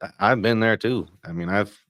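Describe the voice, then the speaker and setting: A man from Michigan's Upper Peninsula hosting a podcast, talking with a guest in a measured, earnest way. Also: fairly low pitch, a bit bright, no echo, clean studio sound. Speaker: podcast host. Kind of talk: casual interview chat.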